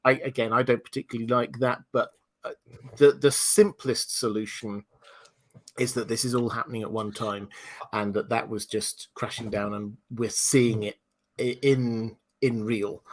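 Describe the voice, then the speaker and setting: A man hosts a casual livestream chat, thinking aloud at a mid-range pitch. He stops and restarts often and leans on fillers as he works through his ideas. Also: steady tone, normal speed. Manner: musing, hesitant, many restarts. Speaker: livestream host.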